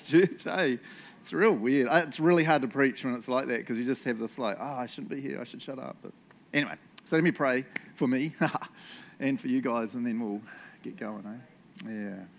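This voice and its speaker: A man's voice: mid-range voice, a little hiss or hum. A male pastor giving a casual, conversational sermon and prayer, self-deprecating and often ending lines with "eh?" or "right?". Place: church.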